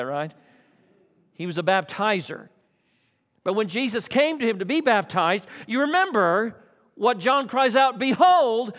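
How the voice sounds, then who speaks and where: Man, preacher, evening sermon, high voice, loud-to-hushed swings, long hall reverb. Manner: dramatic swings from loud fervor to hushed tones. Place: church sanctuary.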